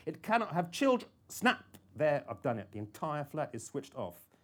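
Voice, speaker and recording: A man reading a first-person thriller audiobook with an intense delivery that moves between hushed and urgent. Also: medium pitch. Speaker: audiobook narrator.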